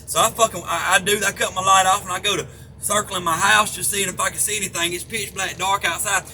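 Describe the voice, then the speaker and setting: A man's voice: high voice, steady tone, fast, sharp tone. A middle-aged man, ranting angrily and profanely to the camera. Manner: heated, profane, repetitive. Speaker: vlogger. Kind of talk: angry rant to camera. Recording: faint background noise.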